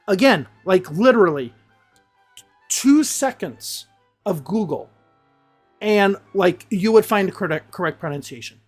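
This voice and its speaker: A woman's voice: medium pitch, expressive, unhurried, darkish tone, husky, soft background music. A woman English teacher giving casual reaction commentary, blunt and exasperated and swearing freely.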